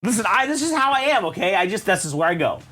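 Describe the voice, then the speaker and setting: A man with a high voice co-hosts a casual podcast, ranting with heavy profanity and a sarcastic edge. He talks from a garage. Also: big pitch swings, fast, pushed and bright. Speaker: podcast co-host.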